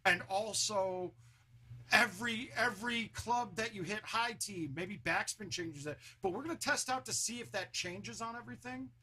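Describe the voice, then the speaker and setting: A man's voice: sits high, normal speed, sharp tone, slightly rough. A man chatting casually on a home live stream, loose and talkative, with a sore throat.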